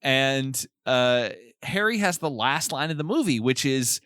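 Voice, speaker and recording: A man's voice: mid-range voice, lively intonation, unhurried, a bit bright, clear, resonant tone, no echo, studio quality. A man co-hosting a podcast, casually recapping a film's plot with amused laughs. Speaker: podcast co-host. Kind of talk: casual film recap chat.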